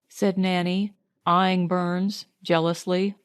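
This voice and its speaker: A woman reading a novel aloud in measured, lyrical scripted narration. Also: mid-range voice, darkish tone. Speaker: audiobook narrator.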